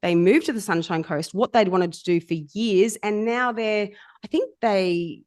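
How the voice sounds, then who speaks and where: A woman with a medium-pitched voice speaks a little slowly, recorded in studio quality with no room sound. She's a somatic coach guesting on a podcast, animatedly telling stories in casual chat and laughing often.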